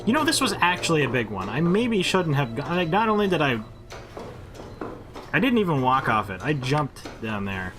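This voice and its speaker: A man's voice: on the high side, sing-song, moderate pace, over music. Jokey, rambling gaming commentator man. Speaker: gaming host. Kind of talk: casual let's-play commentary. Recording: game noise behind his mic.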